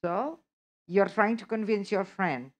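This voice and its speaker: A woman's voice: medium pitch, lively intonation, measured pace, lo-fi sound. A woman teaching an English test prep class, often checking that her students follow. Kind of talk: live online lesson.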